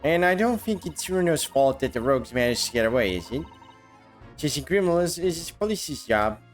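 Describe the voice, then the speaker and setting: A man voicing an imperious noblewoman who gives brisk commands in a game read-through. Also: a little high, animated, faint music behind, lightly acted.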